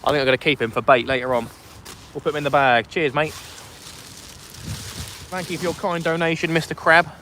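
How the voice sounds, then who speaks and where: A man streams fishing from the sea wall on a phone held vertically, chatting away, reading out viewer messages and thanking donors. His fairly high, bright, forceful voice is flat and fairly quick with long pauses, with slight background noise.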